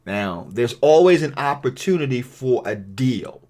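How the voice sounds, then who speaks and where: A man's voice: mid-range voice, animated, a little slow, a little mellow. Man, trainer, training video, conversational delivery, reads phone scripts aloud. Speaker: real estate investing trainer.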